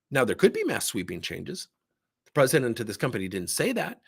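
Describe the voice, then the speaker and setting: Middle-aged coach guy, gravelly husky voice, acts out both sides of his stories, pitch all over the place. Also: a little fast. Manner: animated storyteller, acts out both sides of conversations. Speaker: leadership coach. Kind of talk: livestream talk with acted anecdotes.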